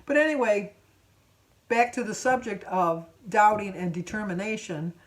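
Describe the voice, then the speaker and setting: A woman in her seventies talking straight to camera in a casual vlog. She rambles and restarts, tossing in fillers as she goes. Her voice sits at an ordinary middle pitch for a woman. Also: moderate pace. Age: 70s. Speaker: vlogger.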